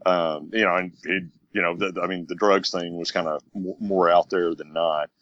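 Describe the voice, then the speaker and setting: Deep-voiced Southern man, hesitant. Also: fairly even intonation, normal speed, fairly bright tone. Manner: hesitant, laughs often. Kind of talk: casual chat. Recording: dry, dull lo-fi sound.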